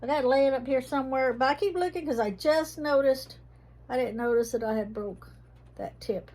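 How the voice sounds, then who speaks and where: Her voice sits high with a darkish tone. Speaking with a blended Texas and Tennessee Southern accent, she rambles chattily through a home vlog about her herb shelf, mentions that she talks fast, and it's raining outside.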